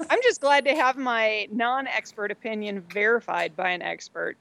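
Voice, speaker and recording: A woman's voice: fairly high pitch, measured pace, vocal fry, fairly bright tone, slight background noise. A woman co-hosting a casual sports podcast, enthusiastic and playful in her opinions. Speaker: podcast co-host.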